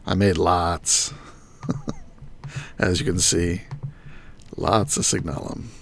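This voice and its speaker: Guy streaming his game, kinda low voice with fry, mumbling item names to himself. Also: slow, a bit bright, a little hiss or hum. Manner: thinks aloud, muttering item names. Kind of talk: live gameplay commentary.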